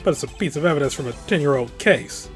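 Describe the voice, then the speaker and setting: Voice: medium pitch, expressive, fast talker, voice pushed down, close to an everyday voice. A game player voicing a blunt, good-natured male police detective who defers to his superior, with game music behind. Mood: deferential. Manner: blunt, deferential, calls everyone sir.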